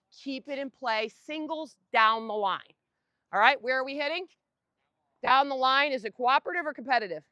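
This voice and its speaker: Energetic woman coaching tennis. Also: high voice, no echo. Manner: energetic, directive, asks the group questions. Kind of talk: on-court coaching demonstration. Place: outdoor tennis court.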